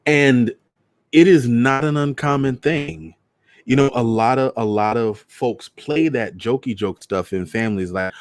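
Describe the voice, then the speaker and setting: A man hosting a storytelling show, chatting casually and gushing with excitement after a reading. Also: medium pitch, moderate pace, no echo. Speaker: storytelling host.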